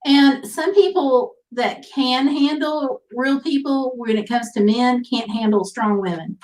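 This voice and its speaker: A woman hosts a casual livestream and reads viewer comments aloud in an easy, chatty way. Her voice sits a bit high, and she sounds set back from the mic. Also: unhurried, a little mellow. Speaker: livestream host. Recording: voice picked up from a distance.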